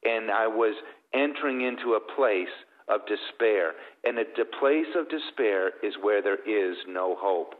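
A man's voice: lowish voice, a little slow. A middle-aged man, a guest, telling an emotional faith story in an earnest, tender way. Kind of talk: emotional testimony. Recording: tinny, phone-like sound with long reverb.

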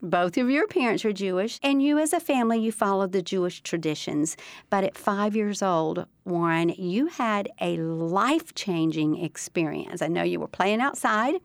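A woman's voice: mid-range voice, animated, normal speed, creaky, no echo. A middle-aged woman hosting a faith podcast, introducing her guest in an effusive, enthusiastic way. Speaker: podcast host.

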